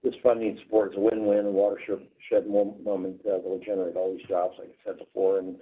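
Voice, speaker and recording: A man's voice: low voice, flat delivery, a little fast. A man chairing a public board meeting, hesitant with many fillers. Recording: tinny phone-like broadcast audio.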